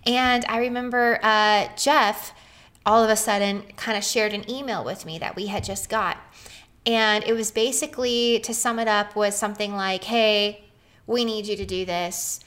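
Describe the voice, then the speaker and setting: A woman in her thirties telling a personal story on a podcast, earnest and animated, often laughing as she talks. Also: mid-range voice, moderate pace.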